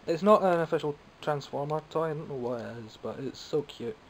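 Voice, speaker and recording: A man's voice: fairly high pitch, a little fast, slight background noise, rough recording. Rambling Scottish man showing toys. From Scotland. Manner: chatty, rambling, self-mocking. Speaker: toy collector vlogger. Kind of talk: casual show-and-tell vlog.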